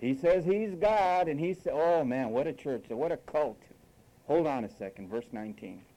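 A man's voice: mid-range voice, lively intonation, moderate pace, warm tone, poor audio. A man preaching a sermon, scolding and sarcastic, acting out quoted voices as he goes.

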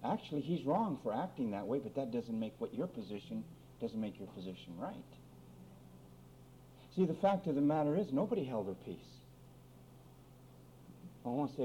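A man preaching a lively sermon on marriage quarrels, acting out both spouses in mock voices and reading scripture. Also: mid-range voice, moderate pace. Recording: dull lo-fi recording with faint room noise.

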